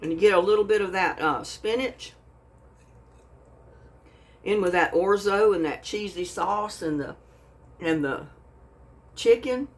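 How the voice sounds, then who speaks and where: A woman's voice: medium pitch, a little slow, pauses often. Folksy woman cooking vlogger. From Texas. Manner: folksy, gushing, says y'all a lot. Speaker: cooking channel host. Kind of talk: casual cooking vlog, taste-testing.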